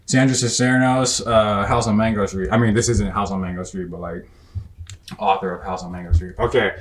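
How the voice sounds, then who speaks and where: A young man with a slightly low voice gives a relaxed bookshelf tour. His talk is slangy and profane, and he rambles, cutting himself off and restarting. The delivery is offhand and conversational. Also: moderate pace, a little hiss or hum. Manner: rambling, self-interrupting. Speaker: book reviewer host. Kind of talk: casual bookshelf tour chat.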